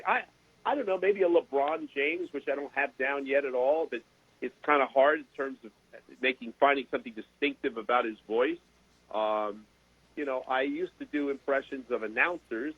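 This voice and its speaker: Husky older broadcaster telling stories. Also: male voice, mid-range voice, no echo. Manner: animated anecdote telling with repeated words. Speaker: guest sports broadcaster. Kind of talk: casual interview storytelling. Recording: dry, tinny phone-like sound.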